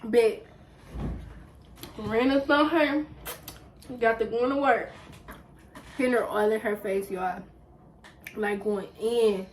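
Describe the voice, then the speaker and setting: A young woman talks casually to her camera at home while she eats, retelling a story with animated energy. Her voice sits a touch high. A faint hiss of background noise runs beneath it. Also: slow, long pauses, low-quality recording. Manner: lively, animated retelling with acted quotes. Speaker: vlogger. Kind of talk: casual storytelling during a mukbang.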